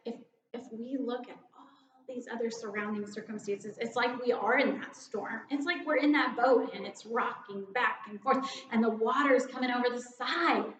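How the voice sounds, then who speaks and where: A woman's voice: fairly high pitch, steady tone, moderate pace, fairly bright tone. A woman giving an informal devotional talk in an earnest, reflective, conversational way. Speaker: children's ministry director giving a devotion. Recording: echoey room, slightly dull sound.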